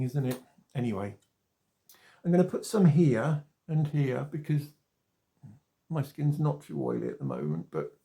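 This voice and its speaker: A rambling, chatty man in his late forties talks through a skincare demonstration to camera. His voice is mellow and gravelly, sitting a little high for a man. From Wales. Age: 40s. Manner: chatty and rambling, wanders off topic, mild swearing. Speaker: skincare vlogger. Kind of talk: casual talking-to-camera demonstration.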